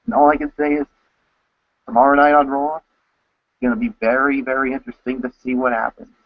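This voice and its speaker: A man co-hosting a casual podcast recap, telling events with excitement and acting out his own reactions. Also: mid-range voice, fairly quick. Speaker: co-host. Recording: dull lo-fi, dry sound.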